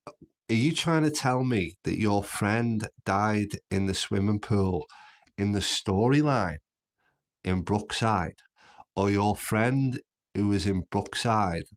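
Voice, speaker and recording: A man from Birkenhead with a Scouse accent, hosting a casual livestream and chatting through comments with easy laughs. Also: lowish voice. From Birkenhead, England. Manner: chatty, laughs easily, frequent restarts. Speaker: livestream host. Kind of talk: casual live chat reading comments.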